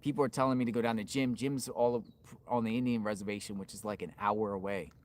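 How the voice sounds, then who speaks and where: A man hosting a livestream from outdoors, giving excitable, rambling on-the-spot commentary. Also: on the low side, fast talker. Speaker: livestream host. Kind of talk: live on-location commentary.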